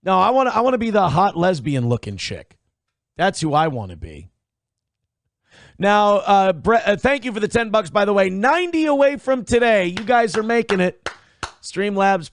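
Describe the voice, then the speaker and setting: Man, high voice, livestream host, reads donations, hyped then muttering, dry close sound. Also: big pitch swings, moderate pace, dry recording. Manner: swings between hyped and muttering low. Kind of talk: casual livestream chat reading donations.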